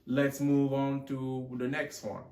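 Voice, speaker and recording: This gun channel host shows off his collection in a casual, rambling vlog, cracking jokes and losing count, with a put-on blend of Texan and Australian accents. He speaks slowly with a completely flat delivery, his medium-pitched voice a little mellow, and the room echoes.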